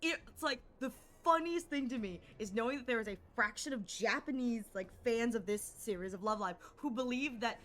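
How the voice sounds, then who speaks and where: A woman's voice: fairly high pitch, normal speed, hardly any pauses, fairly bright tone. A young adult woman livestreaming a story game, rambling in casual chat and laughing often.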